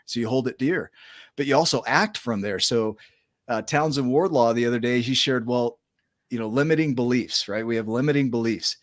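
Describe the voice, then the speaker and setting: Man, podcast host, emphatic, enthusiastic, mid-pitched, dry close sound. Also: moderate pace, dry recording. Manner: emphatic, enthusiastic, keeps asking "right?". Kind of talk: podcast interview.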